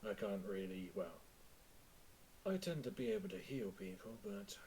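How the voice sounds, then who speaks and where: A man's voice: fairly low pitch, very animated, normal speed, a little mellow, slight background noise, poor audio. A man playing a weary, wry healer. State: tired. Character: weary male adventurer healer, dry and wry.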